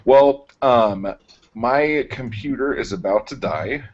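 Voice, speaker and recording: A man's voice: mid-range voice, slow, a crowd in the background. A man hosting a casual video-call roundtable, easygoing and enthusiastic, saying "like" often. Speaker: host. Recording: dull lo-fi call audio.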